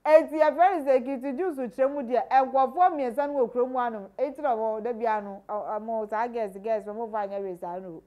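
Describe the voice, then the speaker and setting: A woman from Ghana, a celebrity gossip vlogger, giving animated commentary that swings from loud exclamations to low asides. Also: brisk, hardly any pauses.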